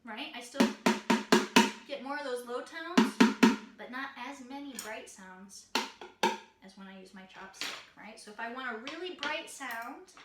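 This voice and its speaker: A woman's voice: fairly high pitch, animated, unhurried. A woman teaching a children's music lesson from her home kitchen, talking in friendly questions to young listeners. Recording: echoey kitchen, distant mic, loud clatter.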